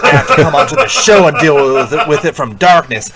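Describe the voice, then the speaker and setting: Exasperated man with a lively voice. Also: fairly high pitch, brisk, over a noisy crowd. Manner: exasperated, laughing. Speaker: podcast co-host. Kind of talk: casual chat.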